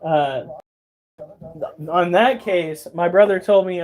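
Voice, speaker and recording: A man casually telling a pet vlog audience an animated story and swearing freely as he goes. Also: high-pitched, slow pace, long pauses. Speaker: pet keeper and vlogger.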